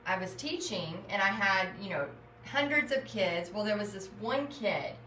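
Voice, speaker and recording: A woman's voice: mid-range voice, recorded from a distance, slight background noise. A woman, chatting animatedly as she tells a story while painting. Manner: chatty, animated, retells scenes with rising exclaiming voice. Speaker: art vlogger and former teacher. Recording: echoey room, voice a bit off-mic.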